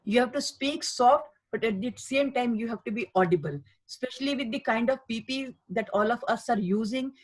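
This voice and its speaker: A woman's voice: a little high, rough recording. A woman giving a webinar lecture as a healthcare communication trainer, earnest and repetitive in her emphasis. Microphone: webinar microphone.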